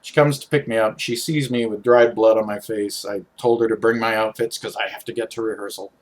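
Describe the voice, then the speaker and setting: A man telling a funny personal anecdote, animated and shifting suddenly between quiet and loud. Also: fairly low pitch, brisk. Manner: animated, with sudden jumps in loudness. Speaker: storyteller.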